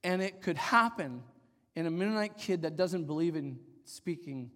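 A middle-aged man preaching a sermon, telling a personal story in an animated, rambling way with many fillers. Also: a little high, normal speed. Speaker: pastor. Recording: long hall reverb.

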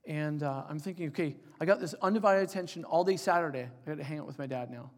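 A man in his forties preaching a sermon, telling an emotional personal story and dropping to soft, quiet tones for emphasis. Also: fairly high pitch, quick pace. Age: 40s. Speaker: pastor. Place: church hall. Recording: reverberant church hall.

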